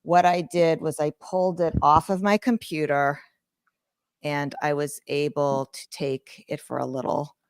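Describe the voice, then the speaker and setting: An online art course instructor leads a live class in a chatty, informal way, making jokey asides about the studio microphone setup in her home. Her voice is low-pitched, steady, unhurried and clean, with no room sound.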